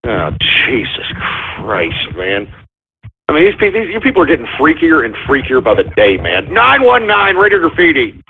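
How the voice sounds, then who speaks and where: A man's voice: mid-range voice, big pitch swings, moderate pace, slight background noise. A radio show host, ranting and swearing at his listeners in exasperation. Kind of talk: call-in radio rant. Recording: phone-like lo-fi audio with faint music.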